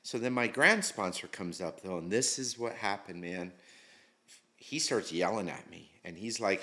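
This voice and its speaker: A man's voice: on the low side, moderate pace, sharp tone. A middle-aged man, a guest in an interview, telling his story candidly in casual talk, full of slang and curse words. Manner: candid, slangy, swears freely.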